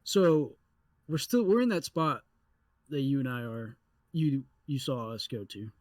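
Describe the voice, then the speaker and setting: A young adult man co-hosting a podcast, telling a story in a casual, animated way with lots of swearing. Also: mid-range voice, measured pace, dry recording. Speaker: podcast co-host.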